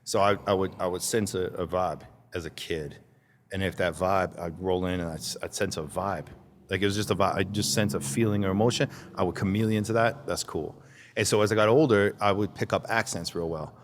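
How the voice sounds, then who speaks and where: A man with a very deep voice talks in a loose, rambling way, often restarting his sentences. His voice carries a long reverb tail, as if recorded in a large room. The talk is casual and easygoing. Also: fairly even intonation, fairly quick. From Canada. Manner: rambling, restarts sentences, mimics accents when quoting people. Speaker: podcast guest, artist. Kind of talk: casual chat.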